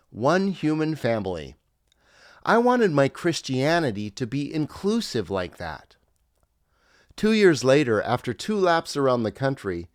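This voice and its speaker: A man's voice: a little high, dry recording, studio quality. A middle-aged man, a former pastor, narrating his memoir in a wry, reflective storytelling manner.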